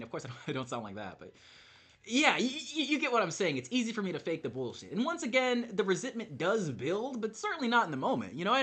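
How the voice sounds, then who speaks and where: A man's voice: high-pitched, pushed and bright. A man streaming while he plays a game, talking candidly and with some swearing about himself and the people around him. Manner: candid, profane, self-reflective. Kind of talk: rambling stream chat while gaming.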